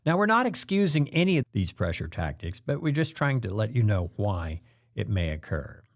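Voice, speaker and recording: A man hosting a self-help talk, explaining things in a calm way and acting out the quoted pressure lines. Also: lowish voice, normal speed. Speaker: host.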